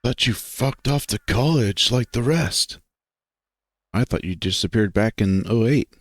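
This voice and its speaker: A man's voice: lowish voice, measured pace, no echo, clean studio sound. A man voicing a small, crude male bat who deals drugs and curses constantly, reading a visual novel aloud. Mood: hostile. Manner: crude, cursing, defensive.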